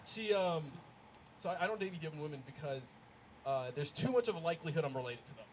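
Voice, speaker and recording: A young man performing a stand-up comedy set, telling stories in an animated way and laughing at his own jokes. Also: fairly high pitch, fast, slight background noise, poor audio. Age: young adult. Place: comedy show with a live audience.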